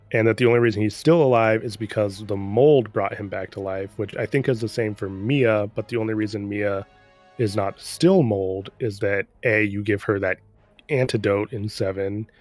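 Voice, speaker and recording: A low-voiced man rambling, faint music behind. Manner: rambling, profane, sarcastic recap. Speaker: gamer recapping a story. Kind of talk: casual chat.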